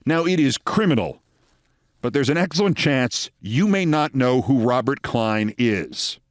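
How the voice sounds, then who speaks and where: Lively storytelling man, dry studio sound. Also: mid-range voice, unhurried, dry recording. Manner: animated anecdote with acted quotes. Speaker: host. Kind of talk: storytelling monologue.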